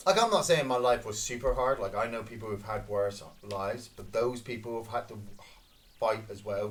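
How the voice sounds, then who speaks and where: A Scottish man giving casual, excitable gameplay commentary, swearing and reacting loudly to each kill. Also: medium pitch. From Scotland. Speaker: gaming streamer.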